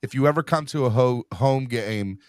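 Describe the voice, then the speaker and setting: A man hosting a fan podcast in an excitable, casual way. He repeats himself and keeps calling people "man" and "bro". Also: medium pitch, moderate pace, clean tone, dry recording, clean studio sound. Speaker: podcast host. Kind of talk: casual chat.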